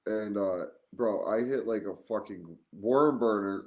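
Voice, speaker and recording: Podcast co-host, male, low-ish voice, lively storyteller, roomy echo. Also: a little slow. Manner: animated storytelling, heavy use of "like". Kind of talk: casual chat. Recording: echoey room.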